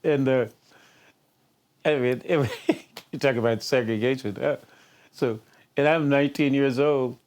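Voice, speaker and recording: Being interviewed, this older Detroit-area singer spins stories with lots of chuckles. His medium-pitched voice is steady, a little mellow, and unhurried, with frequent pauses.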